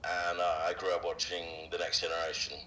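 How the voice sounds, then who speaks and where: A voice actor being interviewed, a man talking casually and haltingly, with frequent fillers and restarts. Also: sits low, monotone, pushed and bright, slight background noise, poor audio. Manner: hesitant, many fillers and restarts.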